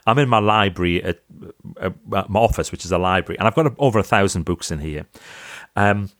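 Lively man, dry close sound. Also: sits low, a little fast, no echo. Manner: lively, self-mocking storyteller. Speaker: podcast guest, author. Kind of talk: casual chat over video call. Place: home office library. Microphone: video call.

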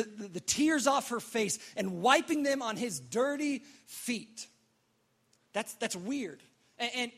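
A young man preaching a sermon, telling the story with animated, acted-out reactions. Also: very high voice, slightly rough. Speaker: pastor.

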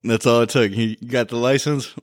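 A man's voice: mid-range voice, steady tone. A man from Michigan co-hosting a podcast, cutting in with short, profane remarks and frequent laughter. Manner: laughing, quick profane interjections. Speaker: podcast co-host. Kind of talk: casual chat.

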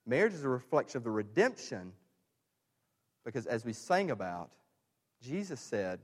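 A middle-aged man preaching from the pulpit in a mid-pitched voice, with a long reverb trailing off each phrase in the church hall. He stresses key words loudly, repeats himself for effect, then drops to a hushed, earnest tone. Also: big pitch swings, moderate pace, pauses often. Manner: emphatic, repeats phrases, swings from loud stresses to quiet lows. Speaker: pastor. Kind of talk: sermon.

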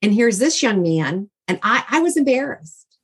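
A woman's voice: on the high side, sing-song, moderate pace, breathy edge. A middle-aged woman as an interview guest, telling a personal story in a heartfelt, rambling way with many fillers and restarts.

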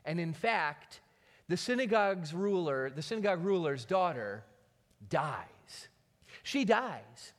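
Animated high-voiced male preacher. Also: slow pace, long reverb tail. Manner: animated dramatic storytelling. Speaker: pastor. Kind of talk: sermon.

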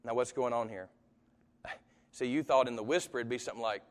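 A man's voice: medium pitch, brisk. A man preaching a live sermon to an audience, talking conversationally with sudden emphatic rises and occasional chuckles. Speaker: pastor. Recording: long hall reverb.

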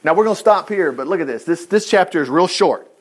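A man teaches an informal Bible study in a folksy, joking way. His voice sits a little high and swings widely in pitch as he reads verses and acts out what the people in them say. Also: lively intonation, quick pace. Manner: folksy, jokey, reads scripture aloud and acts out quotes.

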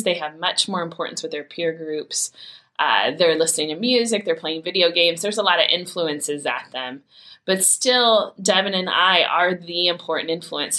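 Bright-voiced mother telling candid stories. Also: on the low side. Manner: candid storytelling with laughs and acted quotes. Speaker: mother speaking on parenting. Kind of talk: casual faith-based talk.

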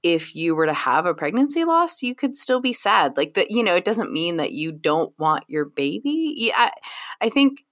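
Reassuring woman with a lowish voice. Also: normal speed. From New York. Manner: reassuring, animated, laughs often. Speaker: co-host, midwife. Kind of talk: casual podcast chat.

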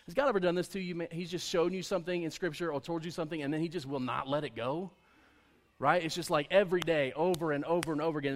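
Guy preaching a story-style sermon, slightly high voice, big echoey hall. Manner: animated storyteller, acts out dialogue. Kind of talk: sermon told as a personal story. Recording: long hall reverb.

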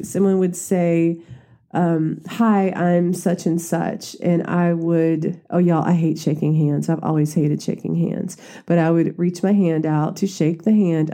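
A woman talks through a motivational story in a loose, chatty way, her voice a little low and very mellow. She keeps leaping up into bright squeals as she acts out her own past lines. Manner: chatty, animated storytelling that jumps into high squeals when acting herself out. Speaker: coach and mentor. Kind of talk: casual motivational talk.

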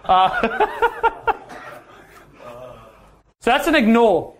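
A man's voice: very high voice, wildly swooping pitch, takes it slowly, pauses often, fairly bright tone, slight background noise. A man teaching a dating workshop, talking straight to the room and often checking in with "yeah?". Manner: direct, asks the room questions, ends points with "yeah?". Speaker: dating coach. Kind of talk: workshop talk to a class.

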